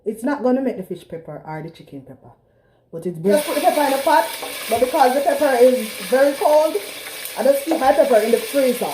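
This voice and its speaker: A woman's voice: high-pitched, lively intonation, a little fast, background noise. Chatty Trinidadian woman cooking at home. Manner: chatty, talks straight to viewers. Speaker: home cook vlogger. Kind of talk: casual cooking vlog. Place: home kitchen. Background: frying and sizzling in a pan.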